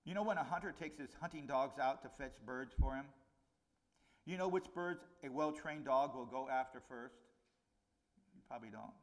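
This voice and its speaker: A middle-aged man preaching a conversational sermon, his voice rising on key points and dropping low on warnings. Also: normal speed. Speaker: pastor.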